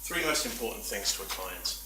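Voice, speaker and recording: A man's voice: lowish voice, animated, normal speed, background noise. A man giving a chatty, self-deprecating talk at a meetup, full of rambling asides. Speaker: conference speaker. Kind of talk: presentation talk. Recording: echoey room from far off.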